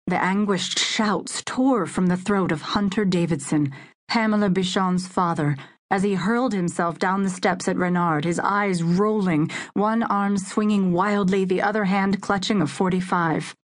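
A woman reading a crime thriller aloud in measured, dramatic audiobook narration. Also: lowish voice.

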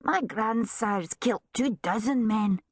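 A woman's voice: on the high side, takes it slowly, no room sound, clean studio sound, voice pushed up. A woman reading aloud, voicing a bold, blunt little boy in a storybook. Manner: blunt, matter-of-fact.

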